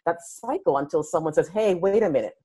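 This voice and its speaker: A woman hosting a relaxed conversation, her voice low and husky. She talks emphatically and encouragingly, and her pitch swings widely. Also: fairly quick. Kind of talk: casual conversation.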